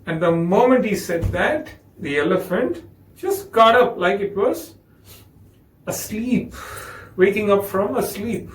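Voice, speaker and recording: Speaking slowly in a high voice, a man with an Indian English accent narrates a spiritual story, voicing each character with animated acted quotes. The low-quality recording is roomy and captured from a distance.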